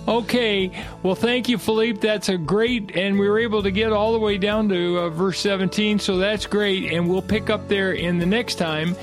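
A man's voice: high voice, fairly even intonation, moderate pace, few pauses, faint music behind. A man hosting a radio Bible discussion who affirms his guest and asks short questions. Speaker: radio show host.

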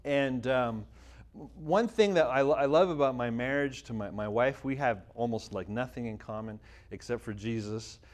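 A church speaker who also edits a magazine, this thirtysomething man from Canada talks at normal speed in a mid-range voice. His casual sermon, which includes prayer, carries a humorous, self-deprecating feel, though he sounds tired.

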